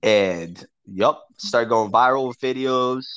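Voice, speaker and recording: A man's voice: mid-range voice, slow pace, clean tone, dry recording, highs cut off. Profane, laughing storyteller man. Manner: profane, animated, laughs often. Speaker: podcast co-host telling a story. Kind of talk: crude casual storytelling.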